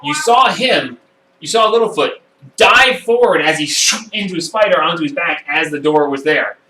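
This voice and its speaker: A man narrating as game master of a home tabletop game, animated, with quick voiced asides and many fillers. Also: a little high. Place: room at home. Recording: echoey room, far from the mic.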